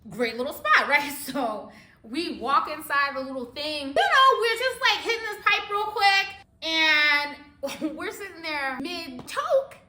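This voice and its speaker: With a high-pitched voice and roomy-sounding audio, a young woman recounts a wild story from her life in a storytime vlog. She laughs often and shifts back and forth between quiet and loud.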